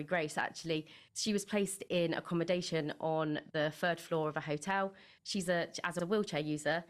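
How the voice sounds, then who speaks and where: Low-voiced hesitant woman. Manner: hesitant, many fillers. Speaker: interviewee. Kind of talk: interview.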